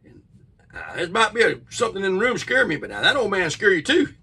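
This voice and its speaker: A middle-aged man, telling a childhood ghost story in a folksy, drawn-out way with sudden bursts. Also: high-pitched, wildly swooping pitch, sharp tone, far from the mic. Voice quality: gravelly, husky. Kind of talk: casual spoken ghost story.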